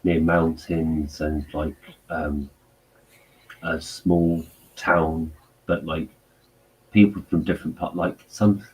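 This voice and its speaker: Deep guy, casual co-host, rambles with lots of "um" and "like". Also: flat delivery, a little mellow, a little hiss or hum, rough recording. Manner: rambling, halting, full of fillers. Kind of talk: casual chat.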